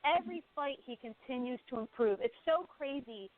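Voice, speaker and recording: A woman's voice: high-pitched, animated, normal speed. A woman co-hosting a boxing show, giving blunt and opinionated fight takes in casual chat. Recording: tinny phone-like sound.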